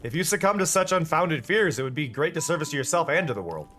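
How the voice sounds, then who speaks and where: A man voicing an earnest young warrior who speaks formally and gravely. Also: on the high side, sing-song, quick pace, fairly bright tone. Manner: formal and grave, speaks in lofty pep talks. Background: faint music.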